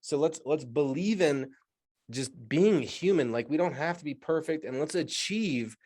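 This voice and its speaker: A man's voice: on the high side, expressive, normal speed, darkish tone. A man co-hosting a podcast who gives a reflective, encouraging closing segment and often stops and restarts his sentences. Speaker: podcast co-host. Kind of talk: casual podcast segment wrap-up.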